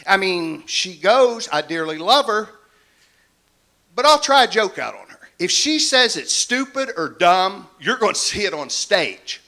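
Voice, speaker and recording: Stand-up comic in his fifties, folksy and self-mocking, bright and bouncy delivery, club stage mic. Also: sits high, big pitch swings, measured pace. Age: 50s. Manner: folksy storytelling, self-deprecating. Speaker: stand-up comedian. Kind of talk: stand-up comedy set.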